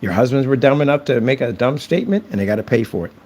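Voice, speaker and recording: A man's voice: medium pitch, fast, a little mellow. A man ranting to camera about his projector screen, boastful and taunting his critics. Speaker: channel creator reviewing projector screens.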